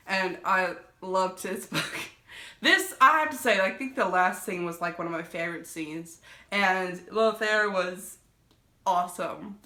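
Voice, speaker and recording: Gushing woman book vlogger. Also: medium pitch. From United States. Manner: gushing, excitable, rambling with many fillers. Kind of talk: casual book review vlog. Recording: echoey room.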